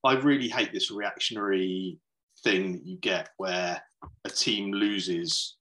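A man's voice: sits low, fairly even intonation, slow, bright, forceful tone, rough recording. A man co-hosting a casual sports podcast, making an indignant rant about overreactions. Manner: indignant, ranting. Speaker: podcast co-host.

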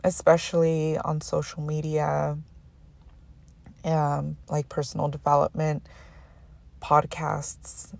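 A woman's voice: sits low, monotone, takes it slowly, vocal fry, pauses often, darkish tone. A woman hosting a personal faith podcast, talking earnestly and emotionally and often restarting her sentences. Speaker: podcast host.

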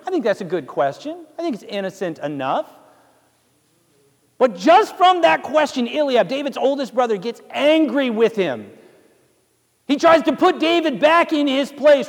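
A man's voice: extremely high pitch, sing-song, moderate pace, long reverb tail. A male pastor preaching a sermon, telling the story dramatically and asking his listeners rhetorical questions.

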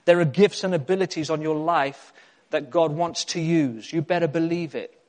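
A man preaching a sermon, emphatic and repetitive, building up to excitement. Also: on the high side, normal speed. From South Africa.

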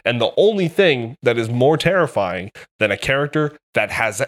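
A man co-hosting a casual podcast chat. He tells excitable stories that are full of swearing. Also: medium pitch, moderate pace. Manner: excitable, profane storytelling. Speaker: podcast co-host.

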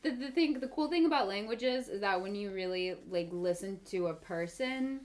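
A woman's voice: mid-range voice, expressive, normal speed. A woman guest on a podcast, a comedian talking in a rambling, earnest way as she searches for words. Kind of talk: casual chat.

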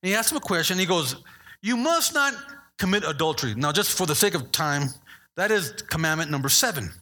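A man preaching a sermon as pastor, animated and playful, joking with the congregation between points. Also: a little high, fast talker.

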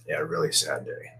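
A middle-aged man, a former TV news reporter, telling a personal story in a halting, reflective way with many pauses. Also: rumbling low, breathy edge.

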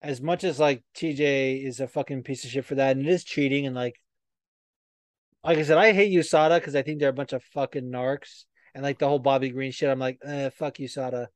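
A man's voice: medium pitch, fairly quick, dry recording. A young man hosting a podcast, chatting casually and swearing a lot as he tells stories. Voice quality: profane, animated storytelling. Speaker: podcast host. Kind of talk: casual chat.

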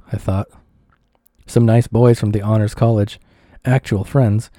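A man narrating a first-person memoir aloud in a measured, somber, deliberate way. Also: fairly low pitch, warm tone, no echo, studio quality. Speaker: audiobook reader.

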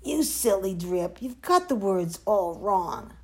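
A woman voicing bossy young tyrannosaur sisters who shout and mock. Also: medium pitch, lively intonation, takes it slowly. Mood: rowdy. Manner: shouting, mocking.

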